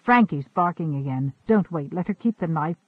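Male reader as a steadfast Quaker farmer, courteous and calm, old-fashioned speech, phone-thin sound. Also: fairly high pitch, moderate pace, breathy edge, no echo, phone-quality sound. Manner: calm, courteous, archaic thee-and-thou speech.

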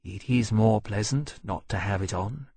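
A man's voice: lowish voice, normal speed, warm tone, breathy edge, no echo. A man voicing an earnest, possessive young dragon. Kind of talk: audiobook narration.

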